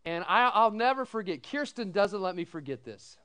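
A middle-aged man giving a sermon as pastor, telling folksy stories with animated quoted voices and asking the congregation "amen?". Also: high voice, normal speed, clear, resonant tone.

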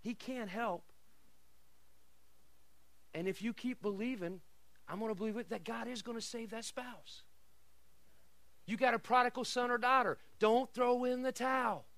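A middle-aged man preaching a sermon, swinging from quiet asides and laughter to shouted declarations. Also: extremely high pitch, normal speed, long pauses, dry recording. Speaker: pastor.

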